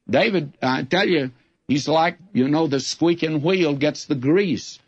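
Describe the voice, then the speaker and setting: A man, a pastor, preaching a sermon and reading scripture, with measured delivery that slows for emphasis. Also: fairly high pitch, breathy edge, dry recording. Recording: dull, dry lo-fi recording.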